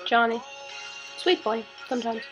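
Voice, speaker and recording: A woman's voice: a little high, steady tone, normal speed, highs cut off, over music. A teenage girl vlogging, telling a story with exasperated sarcasm. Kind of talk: casual ranting vlog.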